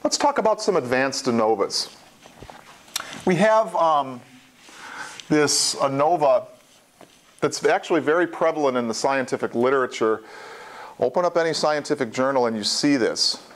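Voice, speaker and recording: A statistics instructor lectures a college class in a classroom, speaking at normal speed with long pauses. His medium-pitched voice is animated, yet he explains step by step in a plain manner, repeating key points and adding small asides.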